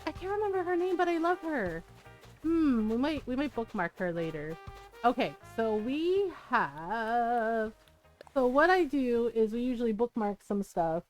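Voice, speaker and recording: A woman's voice: on the high side, animated, measured pace, a little mellow, faint music behind. A woman streamer chatting casually while playing a video game, telling stories animatedly and swearing freely.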